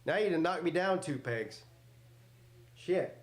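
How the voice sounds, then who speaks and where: A man reacts live to football on his stream with loud, casual commentary, cracking jokes, swearing freely and replying to chat. His fairly high voice is expressive but a little slow, and the audio is reverberant.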